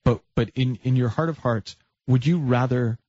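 A male host of a call-in advice show who asks probing questions and pokes fun at himself, with a husky voice. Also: medium pitch, moderate pace, darkish tone, no room sound, lo-fi sound. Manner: probing, self-deprecating, restarts often.

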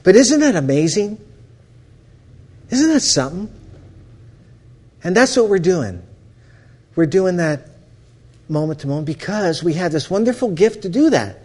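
A man, a counselor, giving a storytelling talk about how thought shapes experience. He talks with lively energy, often restarts his phrases and laughs as he tells a story. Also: high-pitched, unhurried, long pauses, slightly rough. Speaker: counselor teaching the principles.

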